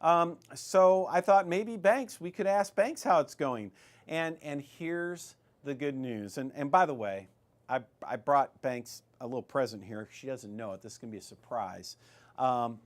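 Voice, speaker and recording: A man's voice: medium pitch, a little slow. A man hosting a show on retirement investing, talking in a chatty, rambling way with many fillers and restarts. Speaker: financial advice show host. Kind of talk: casual retirement-investing advice talk.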